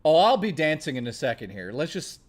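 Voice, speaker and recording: A man with a fairly high, lively voice chats fairly quickly on a live stream, stammering, swearing and rambling. He sounds close to tears, his words tumbling out full of emotion.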